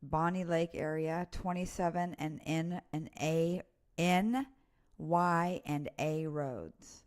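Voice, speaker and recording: Speaking slowly in a low-pitched, darkish voice, a female weather presenter delivers a live severe weather update. Her manner is relaxed and talkative as she covers the radar warnings and reads out place names.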